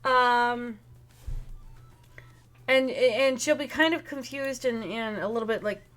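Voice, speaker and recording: A woman runs a tabletop vampire game and chats loosely with her players and viewers. Her voice sits a little high, and she fills pauses with ums and quick apologies. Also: a bit bright, soft background music. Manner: chatty, apologetic, many fillers. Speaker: storyteller, game master. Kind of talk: casual chat streaming a tabletop game.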